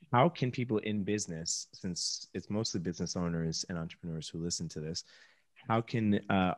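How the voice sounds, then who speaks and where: Deep-voiced man hosting a podcast. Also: no room sound, studio quality. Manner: thoughtful, searching for words with restarts. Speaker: podcast host. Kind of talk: podcast interview.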